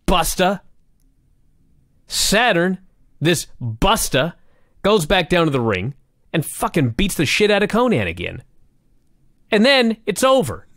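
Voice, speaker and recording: Guy cohosting a chat, kinda high voice, swears a lot, laughs, dry close sound. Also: fairly bright tone, dry recording. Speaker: podcast co-host. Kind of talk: casual chat recapping wrestling.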